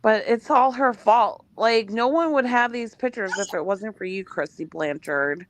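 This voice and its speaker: A woman's voice: a little high, moderate pace, slight background noise. A woman in a casual live gossip chat, blunt, profane and indignant.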